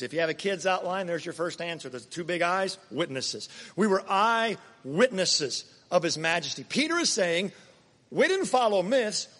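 A man preaching a sermon, pushing key words up in emphatic bursts and then dropping to quiet asides. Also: high voice, long reverb tail. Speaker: pastor.

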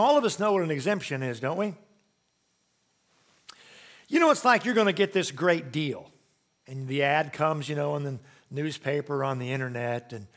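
A pastor preaches a sermon to his church congregation, emphatic yet conversational, posing rhetorical questions. His voice is fairly high in pitch and a bit bright.

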